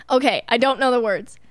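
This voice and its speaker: A woman's voice: on the high side, fairly bright tone, clear, resonant tone, no echo. A woman singer chatting playfully, giggling often and breaking into bits of song. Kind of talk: casual chat.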